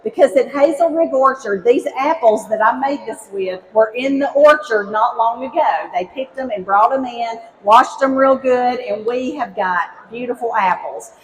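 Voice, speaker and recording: A middle-aged woman from Alabama with a Southern accent gives a cooking demo on stage. She is a former high school teacher and talks to the crowd in a cheerful, folksy, chatty way. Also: moderate pace, few pauses, slight background noise, poor audio. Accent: Southern American, Alabama. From Alabama, United States. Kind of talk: live cooking demo for an audience. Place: outdoor cooking stage with a live audience.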